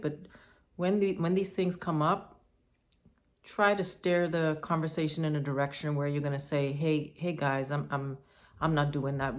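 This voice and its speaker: A woman giving advice to the camera in a monologue, emphatic and firm, repeating her points. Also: low voice. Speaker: advice vlogger.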